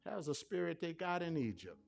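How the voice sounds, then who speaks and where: A man preaches with a notably high voice. He drops into quiet, quick asides, then climbs to loud, ringing peaks. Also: big pitch swings, gravelly, soft background music. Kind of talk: sermon.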